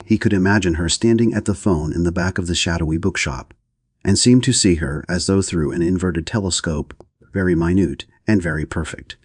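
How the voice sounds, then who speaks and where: A man reading a classic novel aloud as an audiobook narrator, in a steady, even manner. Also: deep voice, fairly quick, slightly rough, no echo, studio quality.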